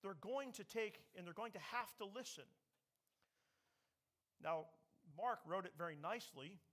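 Man, preacher, sermon, emphatic, bright tense tone. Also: high-pitched, lively intonation, unhurried. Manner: emphatic preaching, quoting scripture with raised voice. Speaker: pastor.

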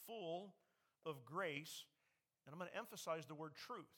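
A man preaching a sermon from the pulpit of a church, earnest and conversational, slowing down and suddenly pushing loud to stress a point. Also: fairly high pitch, lively intonation. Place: church sanctuary.

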